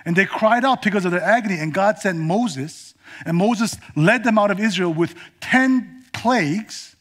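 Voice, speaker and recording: High-voiced dramatic male preacher. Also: normal speed, a bit bright. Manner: dramatic, swinging from emphatic to whispered. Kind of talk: sermon.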